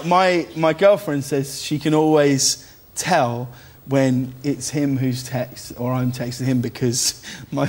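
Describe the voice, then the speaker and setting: A man's voice: fairly high pitch, breathy edge. A man from England, a talk show guest, chatting casually and self-mockingly with lots of stammered restarts. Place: TV studio.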